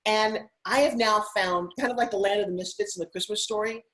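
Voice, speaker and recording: A middle-aged woman from Long Island, a guest on an interview show, telling her life story in an energetic, effusive way. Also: mid-range voice, a little fast, poor audio. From Long Island, New York. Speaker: guest, TV host and fitness spokesperson. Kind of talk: interview conversation.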